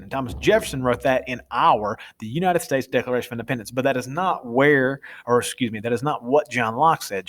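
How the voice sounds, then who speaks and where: A man's voice: medium pitch, fairly bright tone. Chatty man giving a casual lecture. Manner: chatty, informal, self-correcting. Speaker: teacher.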